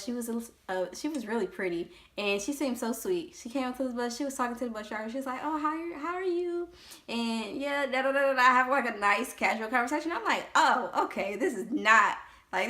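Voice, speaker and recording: A woman in her twenties telling a story to her vlog audience in a loose, animated way, full of fillers. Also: mid-range voice. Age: 20s. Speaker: vlogger. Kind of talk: casual storytelling to camera.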